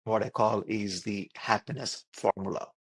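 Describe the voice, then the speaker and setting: A man's voice: lowish voice, steady tone, moderate pace, husky, no room sound. Earnest man with a dry close sound. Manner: earnest, explains with repeated phrases and lists. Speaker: doctor and wellness program creator. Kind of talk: podcast interview guest.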